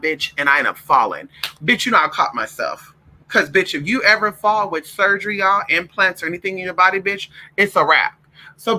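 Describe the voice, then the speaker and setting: Man, vlogger, foul-mouthed, sassy, bright sharp tone, animated. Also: high-pitched, low-quality recording. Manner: profane, sassy, calls listeners girl and y'all. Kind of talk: casual storytelling to viewers.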